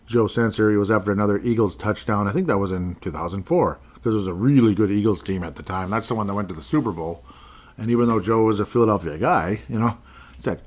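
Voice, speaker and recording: A man's voice: deep voice, fairly quick, a little mellow. A man hosting a casual solo sports podcast, rambling and often correcting himself as he goes. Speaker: podcast host.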